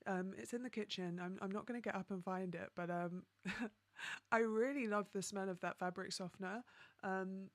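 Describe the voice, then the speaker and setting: A woman from London, hosting a casual livestream, reading viewer comments and chatting in an upbeat way, laughing often and filling pauses with ums. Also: mid-range voice, steady tone, no room sound. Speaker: livestream host.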